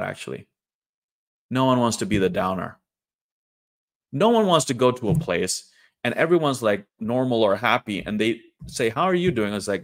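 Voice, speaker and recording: A man's voice: mid-range voice, lively intonation. Earnest young man speaking candidly. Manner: earnest, raw, halting with restarts. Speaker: online creator sharing personal story. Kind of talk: candid personal monologue.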